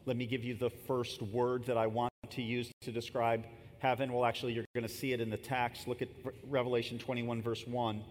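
A pastor in his fifties preaches a sermon in a conversational, story-driven style, tossing casual asides to the congregation. His delivery is flat and brisk, and the church sanctuary adds long reverb and a faint rumble, as in a large hall.

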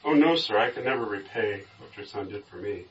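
A man's voice: lowish voice, expressive, brisk, slight background noise, close to an everyday voice. A man reading aloud the lines of a humble, grateful young soldier, speaking politely and earnestly, recorded from a distance with a dull sound.

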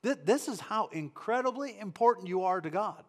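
Guy preaching a sermon, kinda high voice, fervent and emphatic, keeps restarting his sentences. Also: animated, moderate pace.

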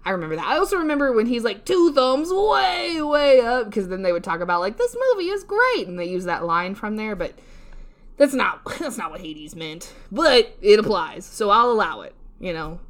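A woman's voice: mid-range voice, animated, a little fast. A young adult woman co-hosting a podcast, rambling casually with frequent laughs, restarts and casual swearing, in a self-deprecating way. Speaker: podcast co-host. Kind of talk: casual solo podcast rant.

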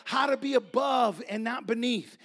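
A male pastor preaching a sermon, reading scripture and telling stories, building to loud shouts. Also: very high voice, normal speed, gravelly.

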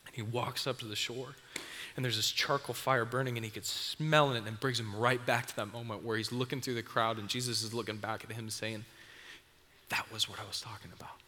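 A man's voice: mid-range voice, steady tone, brisk, sharp tone. A man preaching a sermon, retelling a story vividly to his audience in a church or event hall. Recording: long hall reverb, faint noise.

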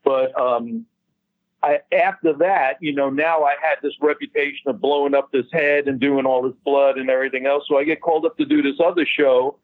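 A special effects man telling a story in a casual, animated way and acting out the people he quotes. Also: medium pitch, a little fast, dry recording. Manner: animated, acts out quoted voices, swears casually. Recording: dull dry lo-fi sound.

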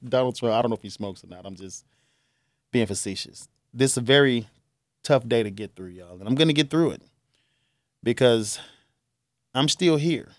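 A man's voice: mid-range voice, lively intonation, moderate pace, pauses often, dry recording, clean studio sound. A middle-aged man from Chicago, a radio host delivering an earnest, grieving talk-show monologue that rambles with restarts. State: choked up.

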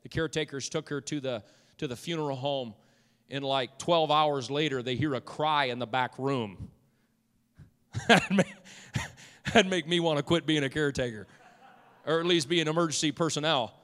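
A male preacher delivering a sermon, swinging from hushed storytelling to loud, fervent shouting. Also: fairly high pitch, normal speed, pauses often. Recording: long hall reverb.

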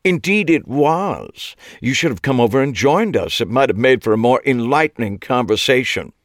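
A man voicing a flamboyant British man with a nasal accent who talks far too loudly and theatrically. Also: expressive, normal speed, no echo, clean studio sound, natural voice. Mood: gleeful. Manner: booming, theatrical, gossipy.

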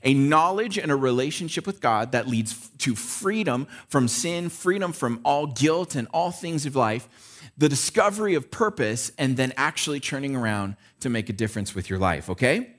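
A man's voice: mid-range voice, animated, normal speed, a bit bright. A male pastor preaching a sermon in a casual way, checking in with the listeners by asking "right?". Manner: conversational preaching with frequent "right?" check-ins.

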